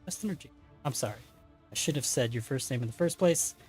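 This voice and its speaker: A man's voice: mid-range voice, animated, quick pace, darkish tone, breathy edge, faint music behind. A man hosting a tabletop stream as game master, chatting casually through announcements with many fillers and self-corrections.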